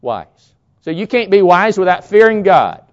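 A man preaching a sermon in a slightly raised voice, leaning hard on key words and repeating them for weight. He drops to a near hush and then rises again. The recording is dull and lo-fi. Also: high voice, big pitch swings, a little slow. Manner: emphatic preaching, repeats key words, swings between loud and hushed. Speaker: pastor.

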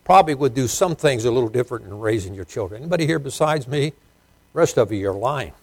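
A middle-aged man preaching a sermon as pastor, swinging between loud emphasis and quiet asides. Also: medium pitch, lively intonation, quick pace, dry recording.

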